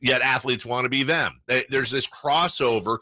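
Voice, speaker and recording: A man hosting a sports radio show, telling animated stories in casual banter. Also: medium pitch, dry recording. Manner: animated storyteller, excitable, quick asides. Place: radio studio.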